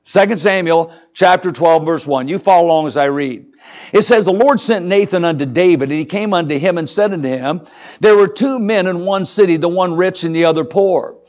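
A man's voice: sits high, fairly quick, lo-fi sound. Folksy preaching man, drawl. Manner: folksy, emphatic preaching with jokes and rising shouts. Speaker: pastor. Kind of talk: sermon.

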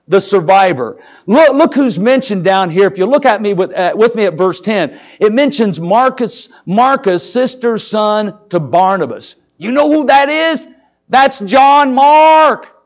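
A man's voice: high voice, highs cut off. An older man preaching a sermon in a church, folksy and joking, firing questions at the congregation. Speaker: pastor.

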